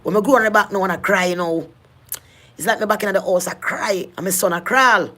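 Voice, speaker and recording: A middle-aged woman with a strong Jamaican accent recounts her own past in a personal vlog. She speaks at an ordinary middle pitch in earnest, heavy patois. She circles back and restarts phrases as she goes. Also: fairly quick, sharp tone. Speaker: vlogger telling her life story. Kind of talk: personal storytelling.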